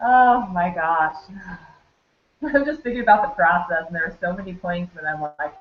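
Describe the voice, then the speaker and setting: A woman guest author on a video call, talking in a giggly, animated way in casual chat. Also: lowish voice, moderate pace. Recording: echoey, dull video call audio.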